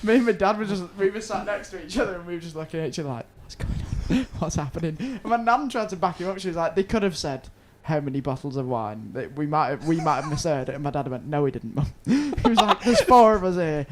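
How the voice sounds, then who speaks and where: A man's voice: on the high side, lively intonation, fast, hardly any pauses, a little hiss or hum. A young man from England, co-hosting a podcast, telling a funny anecdote and laughing through it. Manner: laughs through his storytelling. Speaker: podcast co-host. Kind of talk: casual chat, anecdote.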